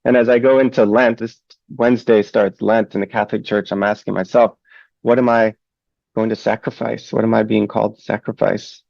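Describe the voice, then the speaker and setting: A man co-hosting a spiritual talk, sharing gentle, earnest reflections and reading out a short daily code. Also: fairly low pitch, flat delivery, a little fast, vocal fry, dry recording. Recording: dull lo-fi dry sound.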